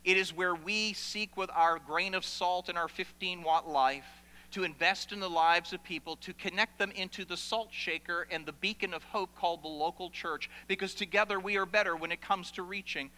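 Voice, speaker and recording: A man's voice: sits high, pushed and bright. A man preaching a sermon as pastor, emphatic and repeating his key phrases. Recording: long reverb of a large hall.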